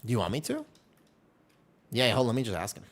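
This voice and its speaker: A man chatting casually with his viewers while streaming a game, telling stories in an animated way. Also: mid-range voice, fast talker.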